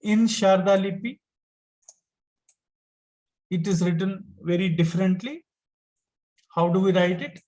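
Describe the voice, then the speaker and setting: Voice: mid-range voice, unhurried, pauses often, a little mellow, poor audio. A teacher, giving an online lesson step by step and patiently repeating each point.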